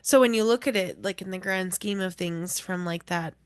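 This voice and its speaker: A woman hosting a podcast interview, listening supportively with frequent "yeah"s and soft laughs. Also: fairly low pitch, moderate pace, clean tone, no echo, studio quality. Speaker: podcast host.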